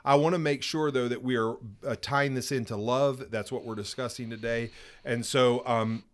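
A man co-hosting a pastors' podcast prays aloud and discusses faith earnestly and emphatically, repeating words to stress his points. His voice is medium in pitch, steady in tone and normal in speed.

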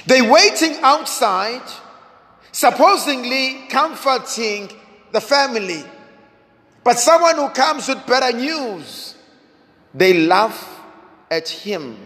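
A man preaching a sermon, slow and dramatic, building through repeated rhetorical questions. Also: extremely high pitch, pushed and bright. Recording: long hall reverb.

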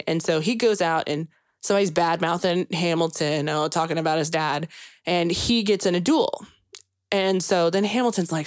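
A woman's voice: on the low side, dry recording, clean studio sound. A young woman co-hosting a casual chat, telling a story in a rambling, filler-heavy way full of "like" and "you know," and growing emotional at the sad parts. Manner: gushing and emotional when recounting sad moments. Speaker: podcast co-host.

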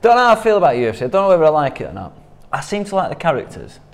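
A man's voice: a little high, very animated, very fast. Chatty, laughing English man. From England. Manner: banter, laughing often, drops into mock tough-guy quotes. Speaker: podcast co-host. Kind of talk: casual chat.

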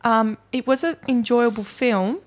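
A woman with an Australian accent co-hosting a film podcast, quick to laugh in casual chat. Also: a little high. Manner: good-humoured, quick to laugh. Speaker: podcast co-host.

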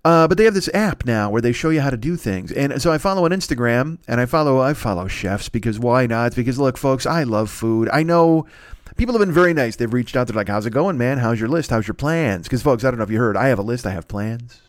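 A man's voice: mid-range voice, lively intonation, fast talker, dry recording, studio quality. A man in his forties hosting a solo podcast, rambling through profane, self-mocking comic riffs. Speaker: podcast host. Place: at home.

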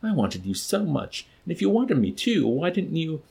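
A man voicing an impatient, exasperated young woman in a book reading, with a husky, lively voice. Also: on the high side, moderate pace, voice pushed up, exaggerated voice. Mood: coaxing. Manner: sharp, exasperated retorts.

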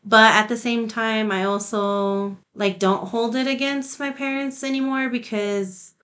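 A woman's voice: on the high side, steady tone, unhurried, a bit bright. A woman hosting a podcast in casual conversation, talking nonchalantly with a lot of swearing and filler "like"s and laughing between sentences. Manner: nonchalant, heavy swearing, frequent "like". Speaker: podcast host.

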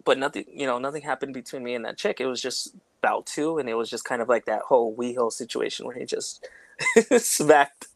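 A man's voice: mid-range voice, expressive, a little fast, no room sound. A man co-hosting a podcast, chatting casually in a rambling way, full of "like" and "you know". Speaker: podcast co-host. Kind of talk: casual chat.

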